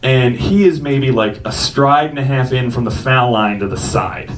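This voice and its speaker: A man's voice: mid-range voice, moderate pace. A man telling a self-mocking personal story on stage, often laughing through his lines. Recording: distant mic with noise.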